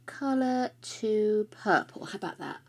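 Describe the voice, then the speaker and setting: A woman's voice: mid-range voice, lively intonation, a little slow. An older woman chatting casually on a live stream, affectionate and talkative, calling her viewers darlings. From United Kingdom.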